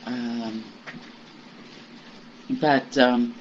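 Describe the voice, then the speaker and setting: A group member sharing personal news in a meditation group, halting and reflective, with many pauses and fillers. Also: mid-range voice, steady tone. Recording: muffled recording with faint hiss.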